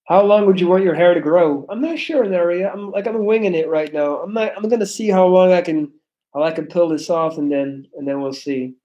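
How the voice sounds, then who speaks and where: A man in his thirties from Belgium with an American accent, chatting loudly and animatedly on a live stream, cussing freely. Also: high-pitched, fairly quick, lo-fi sound. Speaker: livestreamer. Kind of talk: casual live stream chat.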